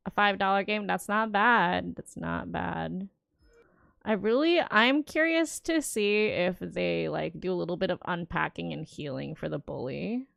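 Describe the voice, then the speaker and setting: A woman's voice: on the low side, normal speed, creaky, few pauses, a bit bright, no echo, studio quality. A young adult woman streamer gives a casual, enthusiastic reaction to a games showcase and muses aloud as she goes.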